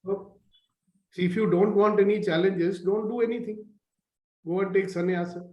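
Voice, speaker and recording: Man, Indian English accent, high voice, coaching, teasing questions, roomy echo, dull call audio. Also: moderate pace. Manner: teasing, questioning, lively storyteller. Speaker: leadership coach hosting a morning call. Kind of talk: conversational coaching talk. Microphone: video call.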